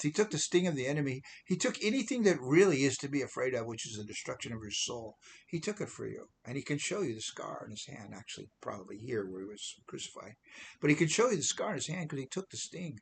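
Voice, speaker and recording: A man's voice: mid-range voice, expressive, fairly quick, gravelly, slight background noise. A man giving an informal devotional talk as an online preacher, chatting along and often repeating and restarting phrases.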